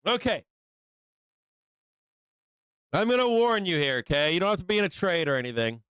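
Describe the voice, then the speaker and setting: Profane excitable trading-show host. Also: male voice, sits high, quick pace, clear, resonant tone, no echo. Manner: profane, excitable, yells at the chart. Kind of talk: profane live market commentary.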